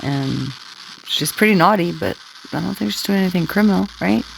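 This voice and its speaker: Low, gravelly woman rambling. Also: expressive, brisk, slight background noise, poor audio. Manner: crude, taunting, rambling with tag questions. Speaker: scanner livestreamer talking to listeners. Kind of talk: rambling casual monologue.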